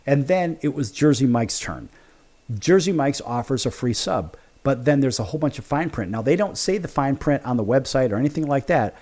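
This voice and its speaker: Animated male talk-show host. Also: mid-range voice, brisk. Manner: animated, acts out both sides of conversations. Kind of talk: casual storytelling monologue.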